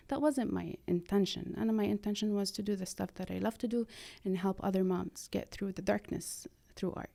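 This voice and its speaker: A woman, speaking earnestly and haltingly as a podcast guest, slipping in phrases. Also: mid-range voice, fairly even intonation, vocal fry, warm tone. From Lebanon. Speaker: guest, art therapy practitioner. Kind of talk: conversational podcast interview.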